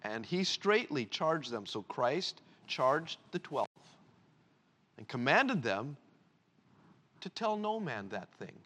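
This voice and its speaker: A male pastor preaching a sermon to his church, swinging between loud emphatic lines and hushed, low ones. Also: sing-song, takes it slowly, pauses often.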